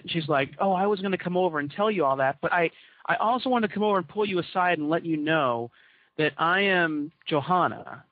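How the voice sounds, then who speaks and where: A slightly high-voiced man recounts a long anecdote to his fellow co-hosts, playing out each quoted exchange with animation during their casual talk. No room sound is audible; the recording is dull, dry, and lo-fi.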